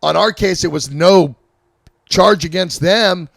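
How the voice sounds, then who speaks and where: A man in his fifties hosting a casual chat, telling old touring stories in an animated, profane way. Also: high-pitched, slow pace, gravelly, dry recording, clean studio sound. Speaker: host.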